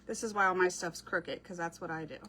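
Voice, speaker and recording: A woman's voice: fairly low pitch, fairly quick, sharp tone, slight background noise. A woman chatting casually while she crafts, answering viewers as she works. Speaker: craft creator. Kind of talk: casual crafting livestream chat.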